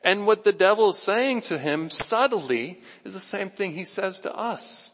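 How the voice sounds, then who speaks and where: A male pastor preaching a sermon in a church sanctuary, conversational and animated, speaking directly to his congregation. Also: high voice, a little slow, few pauses, long reverb tail.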